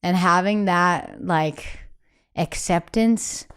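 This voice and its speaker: A young woman as a podcast guest, candidly telling a personal story in quick, emphatic bursts with quoted asides. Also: lowish voice, a bit bright, clear, resonant tone. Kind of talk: candid conversational interview.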